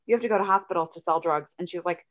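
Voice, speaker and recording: A woman's voice: lowish voice, rapid-fire, fairly bright tone. Chatty woman telling a story. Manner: chatty, rambling storyteller with fillers. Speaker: podcast co-host. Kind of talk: casual storytelling chat.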